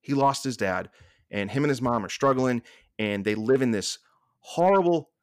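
A man with a Boston accent, a podcast guest talking with passion and many quick restarts. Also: mid-range voice, lively intonation, no room sound, clean studio sound. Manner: passionate, fast restarts and repeated words. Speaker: podcast guest, staff writer. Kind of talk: casual podcast chat.

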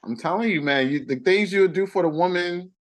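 A man co-hosting a podcast in casual chat, excitable and repeating himself. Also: sits high, fairly quick. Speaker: podcast co-host.

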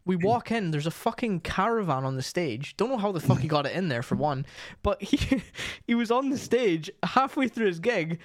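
Animated young man, sweary storyteller. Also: sits high, normal speed, few pauses, dry recording, studio quality. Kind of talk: casual chat.

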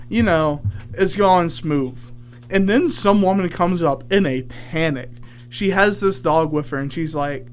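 A young man hosting a college radio show tells a rambling story, animated and full of fillers, in casual storytelling chat. His voice is a little high, at a measured pace.

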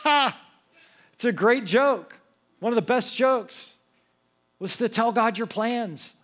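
A young man preaching a sermon in a casual, conversational way, slipping into lively acted quotes. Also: extremely high pitch, slow. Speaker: pastor.

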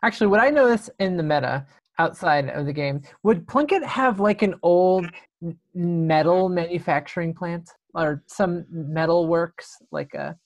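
Woman, player, tabletop game, questioning, lowish voice, video call. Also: unhurried. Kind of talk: tabletop role-play chat.

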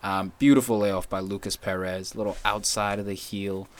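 A man co-hosting a casual soccer podcast, talking excitedly and sarcastically and swearing freely. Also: fairly low pitch, normal speed. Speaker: podcast co-host. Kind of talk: casual chat.

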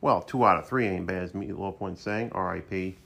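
A man's voice: low voice, a little fast, gravelly, a bit bright. A man hosting his own podcast in a casual solo monologue, with wry, self-deprecating humor. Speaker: podcast host.

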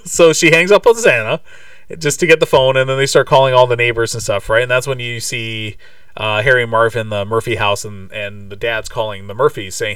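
A man's voice: medium pitch, steady tone, fairly quick, fairly bright tone, clear, resonant tone, no echo, recorded from a distance. A man co-hosting a podcast, retelling a movie scene by scene in casual chat, with lots of fillers and restarts. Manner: rambling, many fillers and restarts. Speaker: podcast co-host.

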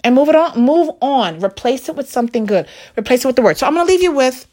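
Lively, chatty woman giving a devotional talk. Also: high-pitched, quick pace. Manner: animated and conversational, with many fillers and acted-out quotes. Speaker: Christian devotional speaker. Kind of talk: casual spoken devotional talk.

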